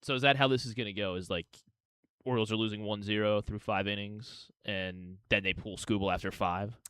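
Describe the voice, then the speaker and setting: A man's voice: fairly low pitch, steady tone, a little fast, fairly bright tone, clear, resonant tone, dry recording. A man co-hosting a sports radio show, teasing and cutting in during casual banter. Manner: teasing, interjecting. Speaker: radio co-host.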